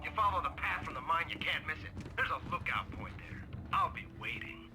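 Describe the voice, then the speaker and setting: A man's voice: on the high side, big pitch swings, a little fast, noisy background. An actor playing a menacing male kidnapper who makes curt threats over a phone line. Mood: threatening.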